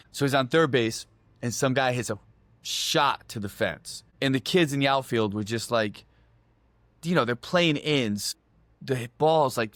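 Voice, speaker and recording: A man's voice: medium pitch, fairly bright tone, no room sound. A middle-aged man co-hosting a podcast in casual chat, telling stories with lots of swearing and acting out his own quotes. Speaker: podcast co-host.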